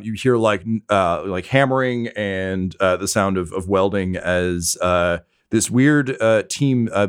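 A man's voice: on the low side, clean tone. A man narrating a tabletop game as game master, hesitant and full of filler words.

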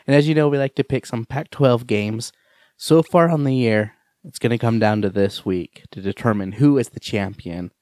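A man's voice: medium pitch, normal speed, darkish tone, no room sound, studio quality. A man hosting a casual sports talk show, steadily leading the segments. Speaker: host.

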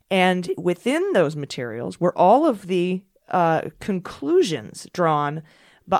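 A woman hosting a podcast, thanking her co-host and then explaining the week's news in an energetic, digressive way. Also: on the low side, no echo, studio quality. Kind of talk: casual podcast chat and news rundown.

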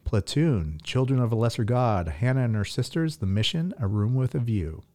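A man's voice: mid-range voice, lively intonation, moderate pace, a little mellow. A man co-hosting a podcast, teasing and quizzing his partner in casual chat. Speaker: podcast co-host.

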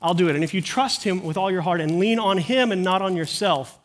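High-voiced earnest man preaching. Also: fairly quick. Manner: earnest storytelling, quoting people. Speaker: pastor. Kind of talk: sermon.

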